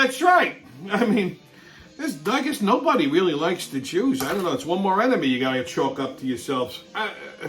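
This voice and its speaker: A man's voice: high-pitched, fairly bright tone, low-quality recording. A man hosting his own show, ranting in a brash, foul-mouthed, exasperated way, with a profane comedic style. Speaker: host.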